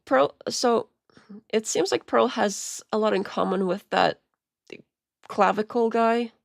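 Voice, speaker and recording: A woman streamer chatting casually as she reacts to videos, rambling with stammered restarts and quiet muttered asides. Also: a little high, takes it slowly, gravelly, no room sound, studio quality. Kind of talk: casual live-stream commentary.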